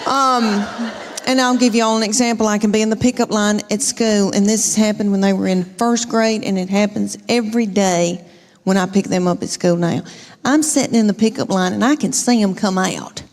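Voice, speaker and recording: A woman's voice: medium pitch, fairly even intonation, moderate pace. A woman doing stand-up comedy, rambling through family anecdotes with frequent ums.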